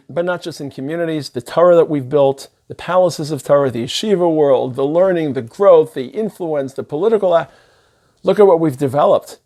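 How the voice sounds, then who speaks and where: A man's voice: fairly high pitch, moderate pace, dark tone. Impassioned man giving a sermon. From Israel. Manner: impassioned, building in intensity through long lists. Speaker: rabbi giving a holiday address. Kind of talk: sermon-style speech.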